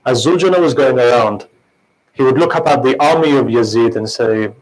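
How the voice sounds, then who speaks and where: A man's voice: medium pitch, a little fast, poor audio. A man giving a mourning sermon in an impassioned, conversational way, often putting questions to his listeners. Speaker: preacher.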